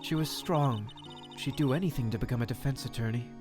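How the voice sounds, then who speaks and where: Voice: mid-range voice, brisk, natural voice. An aloof, proud woman prosecutor in a courtroom game, read live by a streamer. Her lines come out cool and clipped. Faint music hums behind. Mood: haughty. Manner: aloof, haughty.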